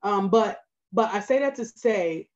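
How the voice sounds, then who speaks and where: A woman with a Baltimore accent talks through practical advice in a relaxed podcast chat. She is earnest and keeps checking in with her listener. The recording sounds a little dull and lo-fi. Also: mid-range voice, measured pace. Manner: earnest, advice-giving, frequent "right?" asides. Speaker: photographer guest. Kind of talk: casual podcast interview.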